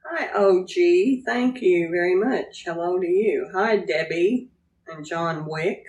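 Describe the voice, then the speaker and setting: Slow, low-voiced woman chatting on a livestream. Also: a little mellow, dull audio. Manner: chatty, laughs a lot, greets viewers by name. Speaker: livestream host greeting viewers. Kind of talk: casual live chat.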